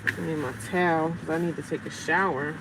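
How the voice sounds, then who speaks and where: A woman's voice: sits low, brisk. A woman live-streaming outdoors in the cold, talking casually to her viewers and to herself. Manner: chatty, talks to herself, animated when retelling. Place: outdoors in the cold, near cars. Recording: outdoor phone audio with clear street noise.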